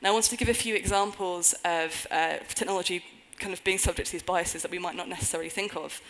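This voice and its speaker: Woman speaker, lowish voice, earnest conference talk with dry jokes thrown in. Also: steady tone, fast talker, fairly bright tone, poor audio. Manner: earnest, with wry humorous asides. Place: conference stage before an audience.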